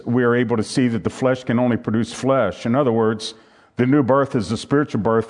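A man's voice: mid-range voice, darkish tone. A man preaching a sermon, reading scripture aloud and teaching from a handout with emphatic repetition.

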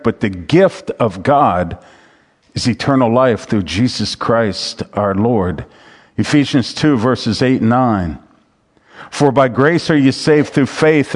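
Pastor, male, conversational sermon with read scripture and repeated points, long reverb of a big hall. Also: medium pitch. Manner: conversational preaching, reads scripture aloud, repeats phrases. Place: church sanctuary.

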